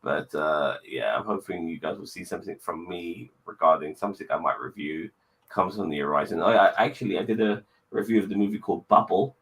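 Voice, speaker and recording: A man hosting a casual online chat show, blunt and quick to swear, with cheery sign-offs. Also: deep voice, a bit bright, rough recording. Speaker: podcast host.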